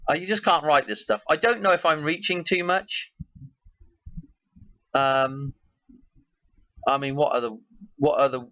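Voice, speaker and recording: A man's voice: a little high, a little slow, long pauses, pushed and bright, no echo, rough recording. A man hosting his own video, talking casually and in a rambling way as he links one idea to the next. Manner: musing, loosely connects ideas. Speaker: video host.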